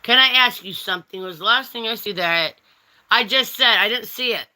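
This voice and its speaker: A woman's voice: a little high, a little fast, sharp tone. A woman hosting a casual livestream, reading chat and teasing viewers with pet names like honey and darling.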